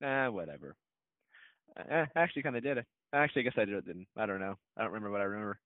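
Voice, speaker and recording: A man with a lower, expressive voice talks rapid-fire as a podcast co-host in a casual chat about a film trailer. He rambles a bit, using lots of fillers and short laughs, and the recording is dry and tinny like a phone, with no echo.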